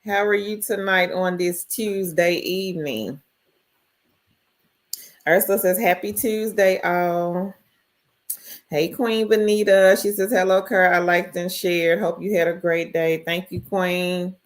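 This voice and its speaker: A woman's voice: lowish voice, fairly even intonation, takes it slowly. A woman hosting a casual live stream, greeting viewers by name and reading their chat messages aloud. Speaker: livestream host.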